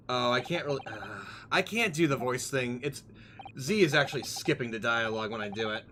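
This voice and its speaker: Excitable guy streaming a game, swears a lot, voice jumps all over. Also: mid-range voice, brisk, a little hiss or hum. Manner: joking, profane, excitable. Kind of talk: casual gameplay commentary.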